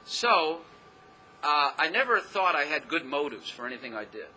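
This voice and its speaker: A man's voice: on the high side, big pitch swings, normal speed, pushed and bright, slight background noise, rough recording. A man preaching a casual, rambling sermon as pastor, often laughing at himself as he talks.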